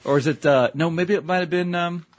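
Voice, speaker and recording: A man's voice: a little high, fairly quick, no room sound. A man co-hosting a casual podcast, teasing his partner and rambling with plenty of fillers. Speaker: podcast co-host. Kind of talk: casual chat.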